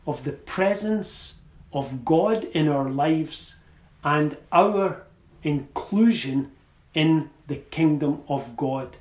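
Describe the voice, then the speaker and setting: Slow, high-pitched preacher in an echoey hall. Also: male voice, a little mellow. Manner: slow, measured preaching with rising emphatic phrases. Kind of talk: sermon.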